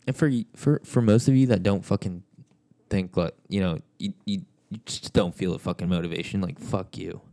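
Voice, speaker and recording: A man's voice: low-pitched, moderate pace, warm tone. A man giving a blunt, profane motivational rant, swearing constantly and repeating himself.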